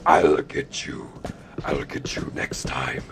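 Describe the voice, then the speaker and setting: A man putting on the voice of a sinister male cartoon villain, with a deep, raspy, whispered delivery and slow, menacing threats. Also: fairly even intonation, exaggerated voice.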